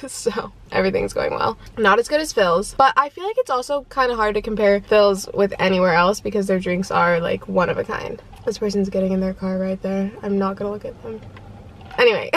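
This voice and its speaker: A woman's voice: mid-range voice, a little hiss or hum. A woman in her twenties chatting in a casual vlog from her car, bubbly and giggly, with lots of "like". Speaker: vlogger.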